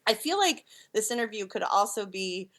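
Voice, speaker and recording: A middle-aged woman, a puppeteer and clown, telling stories in a casual interview, animated and laughing often as she acts out quoted lines. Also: mid-range voice, normal speed.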